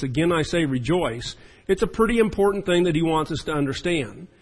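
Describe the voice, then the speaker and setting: A man's voice: high-pitched, poor audio. A man preaching a sermon as the pastor, in a folksy and chatty storytelling manner.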